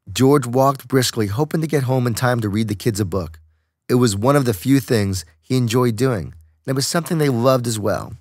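A man with a medium-pitched voice narrates an audiobook in a steady, measured way. The studio-quality recording has no room sound.

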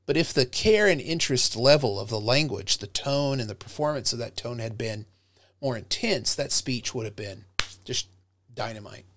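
A middle-aged man, a professor, giving an animated, direct lecture on public speaking to his students, recorded close to a webcam mic. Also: medium pitch, moderate pace. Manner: animated, direct, demonstrates tones by acting them out.

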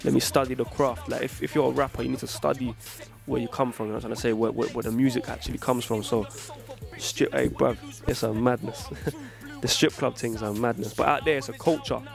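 A man's voice: medium pitch, steady tone, a little fast, gravelly, faint music behind. A young man from England, a rapper chatting casually in an interview, full of street slang and "you know what I'm saying". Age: young adult.

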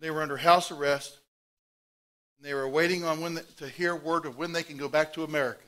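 A middle-aged man preaching a sermon as pastor, telling stories with animated swings from loud outbursts to hushed asides. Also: on the high side, fast talker.

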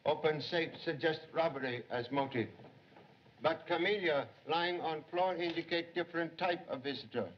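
A composed, sage detective in an old film, as an actor plays him, his voice sitting a little high. He speaks in terse, clipped sayings that drop the small words. The sound is dull and lo-fi, like a 1930s soundtrack. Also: moderate pace, slight background noise, natural voice. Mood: deductive. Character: calm, wise middle-aged male detective.

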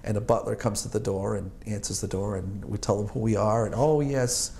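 A man in his sixties from Boston, United States, recalls his Army service in an oral history interview. He rambles and chuckles, with many fillers and restarts. His lowish voice is gravelly and warm, level in tone and fast, with slight background noise.

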